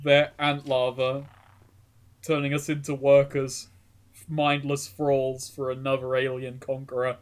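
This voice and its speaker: A man's voice: mid-range voice, monotone, unhurried. A man giving casual, rambling let's-play commentary, laughing often. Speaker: game commentator playing.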